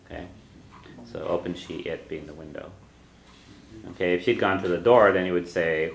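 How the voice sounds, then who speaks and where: Low voiced guy teaching a class, says stuff over and over, quizzes people, roomy echo w faint hiss. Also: normal speed, gravelly, pauses often. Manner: patient, repeats phrases and quizzes students. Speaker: language teacher. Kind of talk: classroom lesson. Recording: echoey room, faint background noise.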